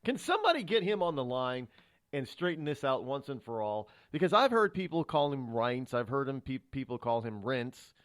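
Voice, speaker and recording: Male talk radio host, rambling monologue with restarts, lively up-and-down delivery, dry close mic. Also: mid-range voice, fairly quick, dry recording. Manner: rambling, musing aloud with many restarts. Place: home radio studio.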